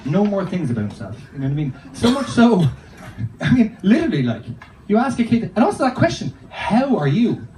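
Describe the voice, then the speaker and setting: Lively high-voiced man doing stand-up. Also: brisk. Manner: loose, rambling storytelling with frequent swearing. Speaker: stand-up comedian. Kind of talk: stand-up comedy set. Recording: roomy, distant, noisy live recording.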